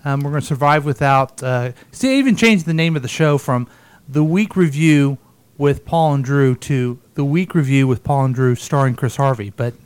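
A man's voice: medium pitch, moderate pace, smooth. A man co-hosting a casual radio show, playful and stammering through restarts.

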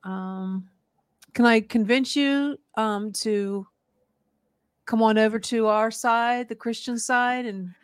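A woman's voice: fairly high pitch, fairly even intonation, slow pace, clear, resonant tone, dry recording, studio quality. A woman hosting a radio talk show, telling a personal faith story in an earnest, rambling way with many restarts. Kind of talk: casual radio interview, personal testimony.

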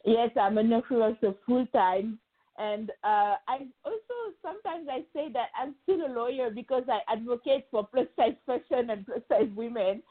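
A woman's voice: a little high, normal speed. Hesitant French-speaking woman on a tinny line. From Senegal. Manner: hesitant, with many ums and repeated words, laughs easily. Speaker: guest. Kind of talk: podcast interview.

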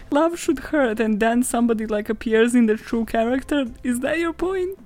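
In this casual comedic podcast, the female host speaks at normal speed with a fairly high, slightly mellow voice. She turns a fairy tale into sarcastic, profanity-laced chatter, frequently laughing and leaning on "like."

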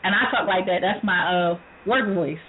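Woman talk-radio host, lively storyteller who laughs a lot and mimics others; phone-line sound with light noise. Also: on the low side, moderate pace. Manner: animated storytelling, laughs often, acts out quoted voices. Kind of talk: casual talk radio chat.

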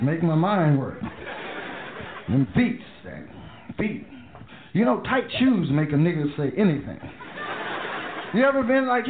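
A man performing a stand-up comedy set, telling loose, profane stories and acting out voices. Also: sits high. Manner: loose, profane, animated storytelling with acted-out voices. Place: comedy club stage. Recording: echoey club over a tinny phone line with loud crowd. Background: audience laughter and room noise.

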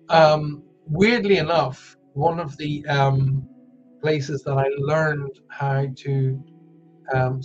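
This Irish man, speaking at a medium pitch, hosts a live wellbeing show in a casual live-stream style. He chats easily and jokes while reading out viewer comments, and the sound is lo-fi.

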